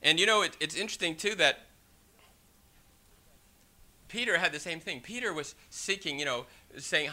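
A man delivering a lively sermon in a high, very bright voice. He preaches in an animated, rhetorical way and keeps checking in with the listeners. He also reads scripture in old-fashioned wording. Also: normal speed, long pauses.

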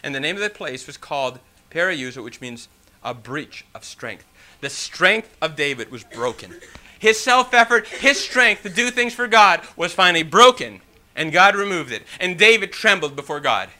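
A man's voice: a little high, sing-song, moderate pace, bright, forceful tone. A man preaching a sermon, reading scripture and then explaining it with rhetorical questions and folksy "you know" asides.

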